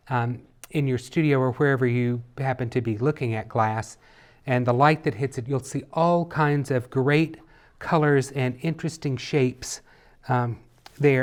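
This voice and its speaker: A man teaching a painting lesson in a relaxed tutorial, chatty and playful as he talks while he works. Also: medium pitch. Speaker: painting instructor.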